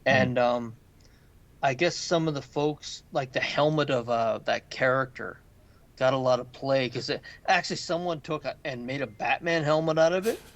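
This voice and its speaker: A man's voice: mid-range voice, fairly even intonation, moderate pace, a bit bright, dull audio. A man co-hosting a casual pop culture podcast, telling loose, profane stories and mimicking the people in them. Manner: loose, swearing storyteller who mimics people. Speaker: podcast co-host.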